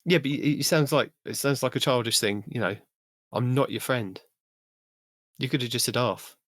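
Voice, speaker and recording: A man co-hosting a podcast who teases and nitpicks his friends in banter. His voice sits at a middle pitch and sounds dry and close, with no room echo. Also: moderate pace. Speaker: podcast co-host. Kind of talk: casual chat.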